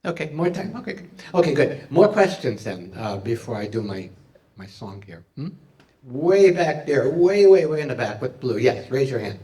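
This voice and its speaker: This man's mid-range voice is very animated at a moderate pace as he does stand-up before a live crowd, full of puns, playful banter and loud jokey lines while fielding questions. It's recorded in a roomy hall from a distant mic.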